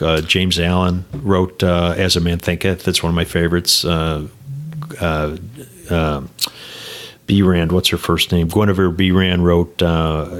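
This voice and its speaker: A middle-aged man speaking as a podcast guest in casual chat, rambling and upbeat, often tagging lines with "right?" and "you know". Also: deep voice.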